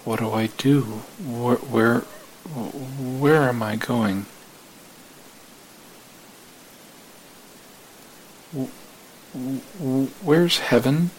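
A man's voice: medium pitch, normal speed, slight background noise, pitched above the performer's own voice, lightly acted, rough recording. A man voicing a scared young man who asks shaky, stammering questions. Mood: pleading.

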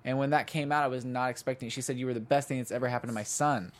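A man's voice: mid-range voice, steady tone, rapid-fire. A man in a casual chat about a sitcom episode, talking eagerly and quoting the characters with feeling. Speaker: podcast co-host.

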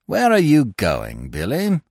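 A man voicing a calm, sly plainclothes detective who speaks slowly and softly with gentle mockery. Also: a little high, dry recording, studio quality, voice pushed up, full character voice.

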